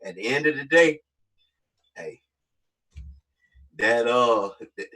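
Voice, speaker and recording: A man's voice: medium pitch, slow, fairly bright tone. A male co-host giving blunt, emphatic opinions in casual sports talk. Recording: distant mic.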